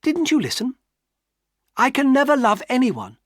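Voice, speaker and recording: A man's voice: very high voice, moderate pace, no echo, clean studio sound, pitched above the performer's own voice, exaggerated voice. A man doing a cold, proud young woman. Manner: calm and detached.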